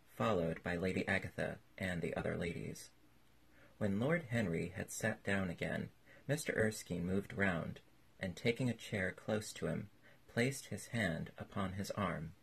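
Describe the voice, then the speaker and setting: A man narrates a classic novel in a measured, even way. His voice is deep and gravelly, and heavily husky throughout. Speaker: audiobook narrator.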